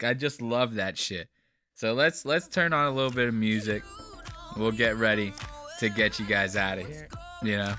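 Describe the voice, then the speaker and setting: A man hosting a podcast, reacting to clips in casual commentary, excitable and swearing freely. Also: mid-range voice. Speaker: podcast host.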